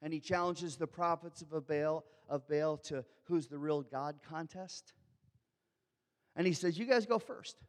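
A man in the pulpit delivering a sermon in a notably high voice. He acts out the scripture quotes and moves between loud, urgent lines and near-whispers. A long reverb trails his words through the sanctuary. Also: fairly even intonation, a little slow. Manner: dynamic preaching, acting out quotes, swinging from loud to hushed. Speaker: pastor.

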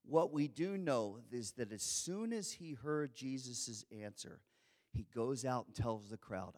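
A man's voice: mid-range voice, animated, unhurried, a little mellow. A man preaching a sermon, telling the story dramatically and acting out the lines of the people in it. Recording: long reverb of a large hall.

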